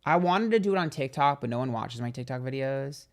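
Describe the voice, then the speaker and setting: A man's voice: medium pitch, lively intonation, fairly quick. A young man hosting a livestream tarot channel, telling stories in a chatty, gossipy way and swearing freely. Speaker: tarot reader and livestream host. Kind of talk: casual livestream chat.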